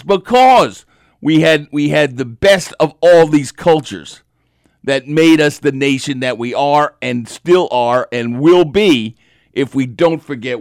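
A man's voice: on the high side, clear, resonant tone, no echo. Fired-up man, dry close sound. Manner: fired-up, emphatic, repeats words when worked up. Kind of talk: heated opinion talk.

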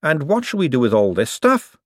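A man reading an audiobook, voicing a brisk, outspoken young woman with a quick, wry delivery. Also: low-pitched, big pitch swings, no room sound, studio quality, voice pushed up.

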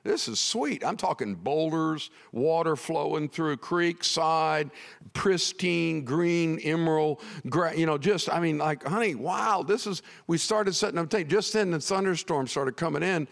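A middle-aged male pastor telling a comic story in a sermon, animated and prone to sudden shouts. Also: on the high side, unhurried, creaky, big-room sound.

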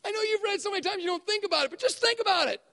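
A man preaching a sermon at a spiritual event, animated and acting out voices to make his points. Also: very high voice, very fast, big-room sound. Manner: animated, acts out voices for effect. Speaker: speaker at spiritual emphasis days.

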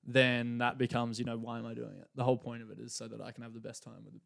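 A man who is a guest on a casual podcast. He tells lively stories, acts out quotes in other voices and laughs often. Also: mid-range voice, quick pace, creaky. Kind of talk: casual chat.

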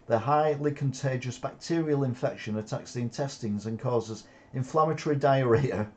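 A man's voice: mid-range voice, normal speed, darkish tone. A man reading news headlines aloud and adding sardonic, opinionated commentary, with occasional swearing and chuckles.

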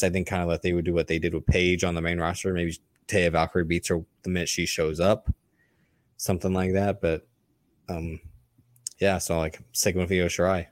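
A man's voice: low voice, dry recording, clean studio sound. A man, a podcast guest, rambling through casual chat with frequent swearing and restarts. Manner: rambling, profane, many restarts.

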